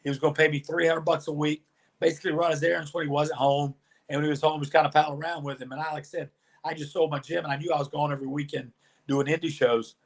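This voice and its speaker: A man's voice: fairly high pitch, quick pace, gravelly. A middle-aged man, an interview guest and former wrestler, telling long stories and acting out what others said. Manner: animated storyteller, acts out quoted dialogue. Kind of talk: storytelling interview.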